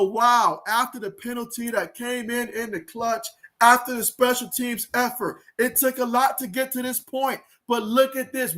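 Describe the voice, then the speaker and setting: A man hosting a sports livestream, calling a football game play by play, talking to viewers and reading out their chat comments in an excitable way. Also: very high-pitched.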